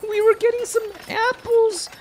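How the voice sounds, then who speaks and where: A man voicing a crying five-year-old girl who has lost her mother, in a high sobbing voice. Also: level tone, moderate pace. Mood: tearful.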